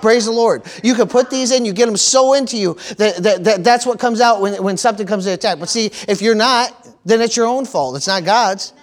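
Speaking a little fast, a pastor with a distinctly high voice preaches to his congregation. Call-and-response shapes his sermon, with amens and praise-the-Lords thrown in and key phrases repeated for force.

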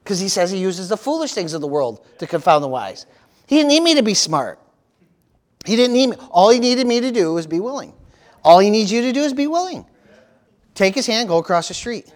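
Pastor guy preaching in church, really high voice, acts out freaking-out people, lively. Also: a little fast. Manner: animated preaching with dramatized panicked voices. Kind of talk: sermon.

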